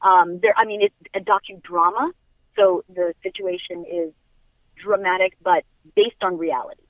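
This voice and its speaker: A woman's voice: lowish voice, steady tone, normal speed, no echo. A middle-aged woman from Long Island, chatting upbeat and laughing often as a guest in a phone interview. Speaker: guest actress. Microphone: telephone. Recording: tinny phone line.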